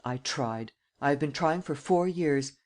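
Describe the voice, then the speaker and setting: A male narrator voicing a cool, cynical gentleman thief who speaks calmly and mockingly. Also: fairly high pitch, a little slow, natural voice. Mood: sardonic. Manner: calm, sardonic.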